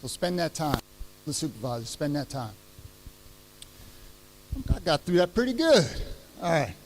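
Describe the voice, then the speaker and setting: A middle-aged man speaking at a retirement ceremony, heartfelt and halting as he restarts his sentences. His voice sits fairly high for a man, and a faint hum lies under it. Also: sing-song, rough recording. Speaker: retiring chief master sergeant giving a speech. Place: ceremony venue.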